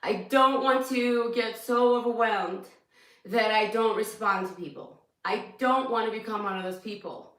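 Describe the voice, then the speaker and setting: A woman fitness coach talking casually to her followers, tearful and rambling, with quick bursts and laughs. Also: fairly high pitch, fairly bright tone, distant mic. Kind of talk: emotional casual talk to followers. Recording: echoey room, voice off-mic.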